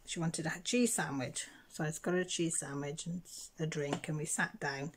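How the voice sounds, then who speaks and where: A middle-aged woman talking casually over her crafting, her voice sitting a little low. She tells her story in a chatty way, putting on the voices of the people in it. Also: fairly even intonation, moderate pace, background noise. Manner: chatty storyteller, acts out others' voices in quotes. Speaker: craft vlogger. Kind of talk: casual chat while crafting.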